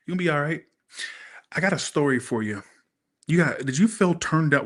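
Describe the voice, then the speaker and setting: A man's voice: a little high, lively intonation, moderate pace, a bit bright. A man doing a casual, chatty live-stream tarot reading, thanking viewers and swearing freely. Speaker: tarot reader.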